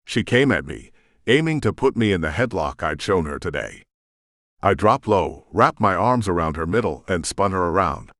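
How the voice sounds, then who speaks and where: A man narrating an audiobook in first person, gruff and brooding. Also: low-pitched, sing-song, normal speed, a bit bright, dry recording, studio quality.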